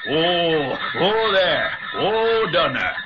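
A man's voice: on the high side, sing-song, drawn-out words, loud music behind the voice, exaggerated voice. A man playing a kind, jolly old Santa Claus with a hearty, exclaiming manner, in 1930s radio acting. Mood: urgent. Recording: hissy muffled 1930s radio recording.

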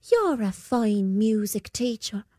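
A woman's voice: mid-range voice, sing-song, slow pace, warm tone, dry recording, studio quality. A woman voicing a plucky young piper boy in a spoken storybook, polite and eager.

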